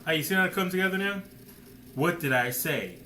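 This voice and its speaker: A man's voice: on the high side, brisk, bright, forceful tone, a little hiss or hum, poor audio. A man preaching a sermon emphatically, firing rhetorical questions and addressing listeners directly as man and son.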